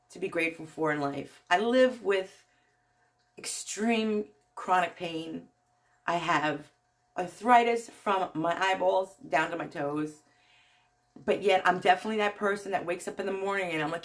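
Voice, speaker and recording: A woman with a New Jersey accent hosting her own channel, talking to viewers into her phone in an excitable, gushing way, laughing often and trailing off mid-sentence. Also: on the low side, unhurried. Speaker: YouTube channel host. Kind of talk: casual vlog talk to viewers.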